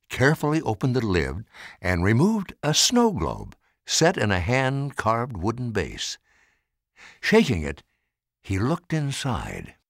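Elderly man, storybook read-aloud, lowish voice, hugely varied pitch, dry close sound. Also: dry recording. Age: 80s. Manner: expressive, sweeping delivery. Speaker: narrator.

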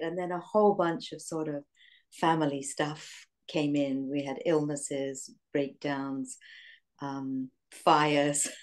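Low-voiced English woman in her sixties, reflective. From England. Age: 60s. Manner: reflective, halting, with fillers and soft laughs. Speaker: interviewee. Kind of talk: reminiscing in an interview.

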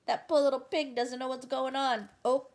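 A woman reading a picture book aloud, gently pausing to ask the listener questions about the story. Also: high voice, flat delivery. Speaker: storybook reader.

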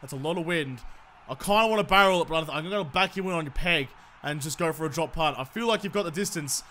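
Excitable young man cheering a game. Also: fairly high pitch, fast, a little hiss or hum. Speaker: gaming commentator. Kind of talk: excited gameplay commentary.

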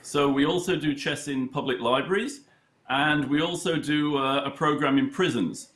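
A man being interviewed about his chess charity, telling anecdotes in a halting way with many fillers and a dry humour. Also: on the high side, a bit bright. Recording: roomy echo.

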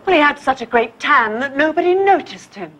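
An actress playing a deadpan widow hiring a private eye in a detective spoof. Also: female voice, high-pitched, a little fast, muffled recording.

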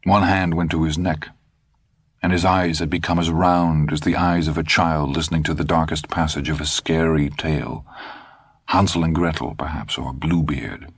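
A man narrating an audiobook in a deliberate storytelling manner, recorded on a close studio mic. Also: extremely low pitch, steady tone, breathy edge, no echo. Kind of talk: scripted narration.

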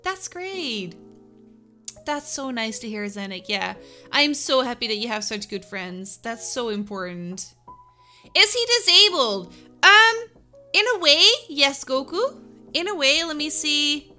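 Woman streamer, animated, sharp bright tone; upbeat, answers viewers by name. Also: sits high, a little slow, soft background music. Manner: upbeat, laughs often, answers chat by name. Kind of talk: casual chat with live viewers.

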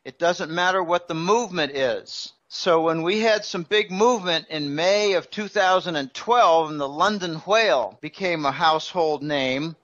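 A man's voice: fairly high pitch, pushed and bright, muffled recording. A man as a guest financial analyst, explaining markets in a conversational interview with everyday analogies.

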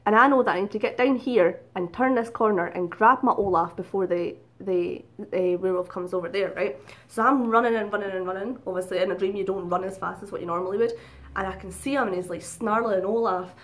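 A woman's voice: medium pitch, steady tone, fairly quick, fairly bright tone. A woman telling a story in a casual vlog, chatty, swearing freely and giggling at herself. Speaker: vlogger.

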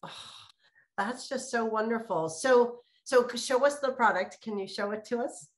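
A woman's voice: fairly high pitch, normal speed. A woman hosting an interview, asking encouraging questions. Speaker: interview host.

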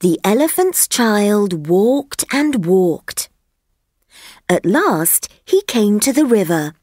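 A woman reading a textbook listening passage and a story aloud for learners, slowly and clearly. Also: medium pitch, no room sound, clean studio sound. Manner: slow, clear, lively intonation. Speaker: reader of a textbook listening track. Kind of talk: slow scripted reading for learners.

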